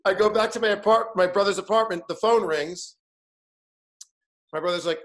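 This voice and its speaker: A man's voice: high voice, normal speed, pauses often, fairly bright tone. A man in his fifties, a guest in casual conversation, telling an anecdote animatedly and acting out the other people in it. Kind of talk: casual storytelling chat.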